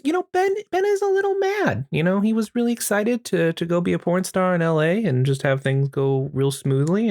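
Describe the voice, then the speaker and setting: A man's voice: mid-range voice, dry recording, clean studio sound. Casual crude-humored man recapping a movie. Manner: crude, joking retelling with acted quotes. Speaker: podcast host.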